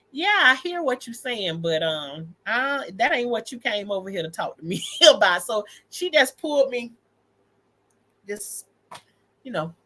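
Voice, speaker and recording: A woman's voice: mid-range voice, pushed and bright. A woman hosting a casual livestream, telling stories about family and her kids with candid emphasis and frequent laughter. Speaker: livestream host and mother.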